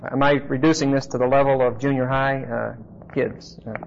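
A man teaching a Bible class in a conversational way. He spells out word meanings slowly, repeats key phrases and asks his listeners questions. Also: mid-range voice, little pitch movement, vocal fry, a little hiss or hum. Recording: muffled lo-fi recording.

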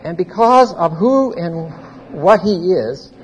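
Slow, high-voiced man teaching scripture. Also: lively intonation, dull audio. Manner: explains grammar point by point, quizzes the audience. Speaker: Bible teacher. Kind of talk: expository Bible teaching to a live audience. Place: large hall with a live audience. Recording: reverberant hall, faint background noise.

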